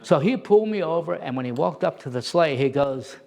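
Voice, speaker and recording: Man who plays Santa, lively anecdote teller with a slightly high voice; acts out the other people in his story. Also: fairly quick, vocal fry. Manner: animated, acts out quoted voices. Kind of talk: casual anecdote telling.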